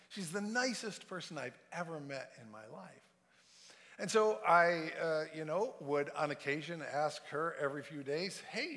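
A man giving an earnest sermon testimony, telling a personal story and shifting his loudness for effect. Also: a little high. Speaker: preacher. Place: large church sanctuary. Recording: long reverb of a large sanctuary.

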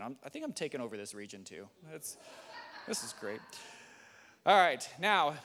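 A man's voice: mid-range voice, fairly bright tone. Man reading scripture in a reverberant church. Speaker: guest preacher reading scripture. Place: church sanctuary.

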